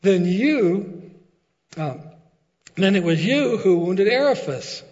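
A man's voice: high voice, expressive, slow, darkish tone. An anxious young boy asks one worried question after another, read aloud by a man. The sound is dull and lo-fi, with a long echo hanging in the air. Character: frightened boy questioning a strange voice.

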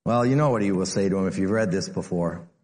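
A man preaching a sermon, animated, swinging between near-shouts and low asides, and acting out the people he quotes. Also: fast. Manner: acts out the quoted speakers in heightened voices. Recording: long hall reverb.

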